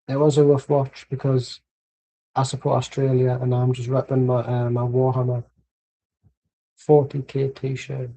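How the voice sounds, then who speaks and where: Gravelly English guy rambling casually. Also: mid-range voice, mellow, rough recording. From England. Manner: chatty, tangential, swears casually. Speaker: streamer hosting a football watchalong.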